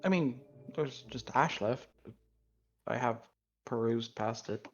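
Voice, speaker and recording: A man's voice: mid-range voice, slow, muffled recording, soft background music. A man playing a tabletop game, rambling and giggling as he talks through his character's choices. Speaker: player. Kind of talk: casual table talk.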